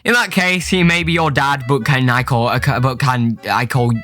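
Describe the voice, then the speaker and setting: A man's voice: medium pitch, sharp tone. A young man reading out dating-app chats in a jokey, sweary comic commentary. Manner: jokey, swearing, quick shifts into mock voices. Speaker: YouTuber. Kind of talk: comedic commentary reading chat messages. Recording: faint music behind.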